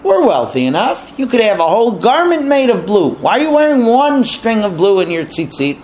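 Man doing a sneering rich wife, pitched up, jabs every line as a taunting question. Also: very animated, moderate pace, a little hiss or hum. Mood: needling. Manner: mocking, needling questions. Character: scornful wealthy wife egging husband on.

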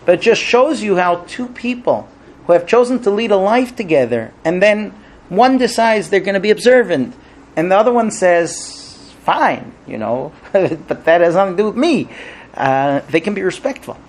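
A man teaching a religious class to a live audience, telling stories and acting out the characters with big jumps in his voice. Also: moderate pace. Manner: animated storyteller, acts out characters with big pitch jumps. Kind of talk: Torah class with told stories.

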